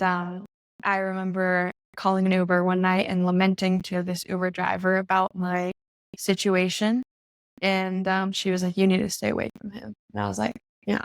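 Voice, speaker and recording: A young woman in her twenties talks as a podcast guest, with a gravelly, creaky edge to her voice. She tells her story in a loose, chatty way, peppered with "like" and acting out her own quotes. The sound is close and dry, with no room around it. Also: mid-range voice, no echo. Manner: chatty, full of "like" and reenacted quotes. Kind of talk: casual storytelling conversation. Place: in-person podcast studio.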